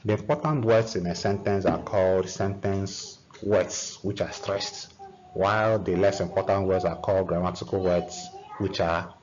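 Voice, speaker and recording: A man teaching an English grammar lesson, talking slowly with frequent restarts and repeated words. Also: low voice, steady tone, darkish tone. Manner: slow, halting teacher talk with repeated restarts. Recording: dull lo-fi recording with faint noise.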